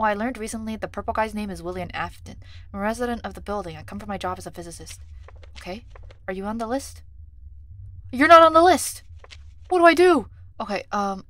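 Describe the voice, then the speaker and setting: A young woman streaming a game, reading its text aloud and thinking out loud, often scattered and flustered, with lots of ums. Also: medium pitch. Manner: scattered and chatty, many ums, gets flustered; reads on-screen instructions in a mumbly undertone.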